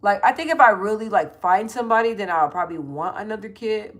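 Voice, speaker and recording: A woman in her thirties chatting loosely to her livestream viewers on her phone, slangy and full of quick asides. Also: medium pitch, lively intonation, fairly bright tone. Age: 30s. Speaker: livestream host. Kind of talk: casual livestream chat reading comments.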